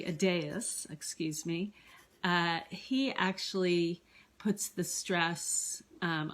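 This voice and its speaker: Woman teacher, slow, patient, lowish voice, classroom lesson, hesitant ums. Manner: patient and explanatory, with frequent ums.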